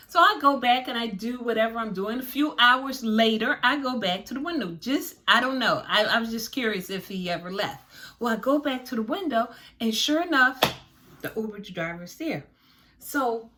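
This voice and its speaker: A woman vlogger telling a story to her viewers in a dramatic, animated way, acting out the dialogue, with features. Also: fairly high pitch.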